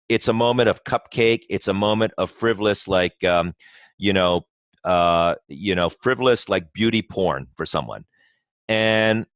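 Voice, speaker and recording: A company co-founder talks as a podcast interview guest in a lowish, fairly bright voice on a dry recording. He speaks passionately in long stretches, full of "you know" and restarts.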